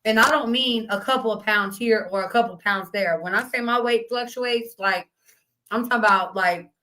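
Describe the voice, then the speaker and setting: A woman hosting a livestream, chatting casually with her viewers in a rambling, laughing way, her voice still a little rough from being sick. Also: fairly high pitch, sharp tone, low-quality recording. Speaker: livestream host.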